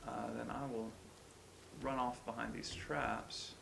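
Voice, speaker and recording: A man's voice: mid-range voice, level tone, slow pace, gravelly, noisy background. A man giving gameplay commentary as a let's-play host, musing wryly and yelping when startled. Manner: wry, self-deprecating musing with sudden startled yelps.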